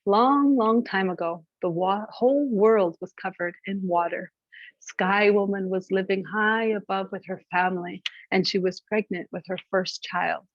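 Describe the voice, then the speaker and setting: A woman from Canada telling a traditional creation story, lively and expressive. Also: mid-range voice, normal speed, no echo. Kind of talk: oral storytelling to an audience. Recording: dull, dry lo-fi recording.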